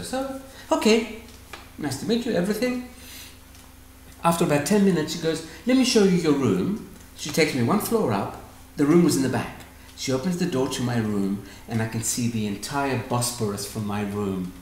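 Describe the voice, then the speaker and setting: Animated storytelling man, echoey room. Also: mid-range voice, moderate pace, a little hiss or hum. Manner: animated, acts out quoted dialogue. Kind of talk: storytelling talk answering questions.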